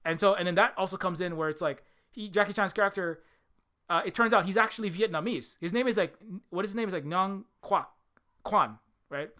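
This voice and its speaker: A man's voice: high voice, brisk, sharp tone. A man giving casual film commentary, rambling, with many restarts and fillers. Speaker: video commentator.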